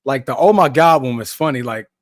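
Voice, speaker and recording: A man's voice: medium pitch, fairly quick, no room sound, studio quality. A young man hosting a live basketball watch-along podcast, chatting casually in slang and laughing often. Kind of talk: casual live game reaction.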